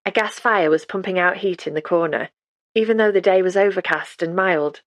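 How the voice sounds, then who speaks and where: Woman narrator, low voice, calm measured audiobook read, dry studio sound. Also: vocal fry, no room sound. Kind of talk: scripted narration.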